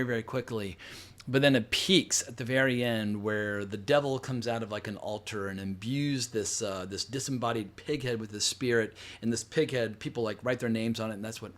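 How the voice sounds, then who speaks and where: A middle-aged man talks through a film review in a loose, casual way. He is blunt and openly sarcastic, and his sentences wander with fillers and quick self-corrections. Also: mid-range voice. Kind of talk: casual spoken movie review.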